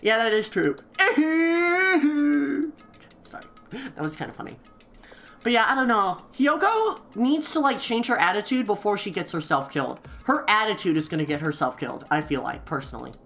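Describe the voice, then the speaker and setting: A woman's voice: medium pitch, big pitch swings, a little fast, fairly bright tone, faint music behind. A woman playing through a visual novel, reading its dialogue aloud in playful voices and chatting between lines. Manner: playful, laughs often, comments between lines. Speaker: let's player voicing game characters.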